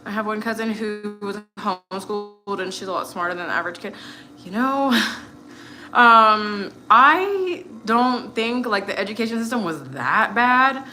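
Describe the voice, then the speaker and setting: A woman's voice: mid-range voice, lively intonation, a little slow, pushed and bright. An American woman in her thirties, chatting casually while cooking, rambling with lots of fillers. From United States. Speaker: vlogger.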